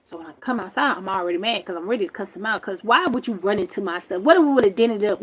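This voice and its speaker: A woman in her forties telling a story on a livestream from her grandmother's home, animated and emphatic, swearing freely. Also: mid-range voice, very fast, slightly rough. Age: 40s. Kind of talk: casual storytelling rant.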